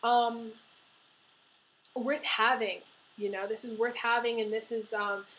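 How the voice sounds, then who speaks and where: A woman's voice: fairly high pitch, flat delivery, slow, a bit bright, a little hiss or hum, low-quality recording. A woman giving a casual tarot reading to camera, emotional and crying as she talks, with many ums and restarts. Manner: emotional, tearful, laughing through tears. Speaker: tarot reader.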